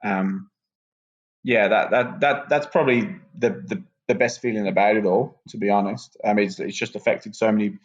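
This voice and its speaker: A wrestler, relaxed and rambling with lots of ums, chatting as a guest on a podcast. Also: male voice, fairly low pitch, moderate pace. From England. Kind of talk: casual podcast interview. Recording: muffled lo-fi sound.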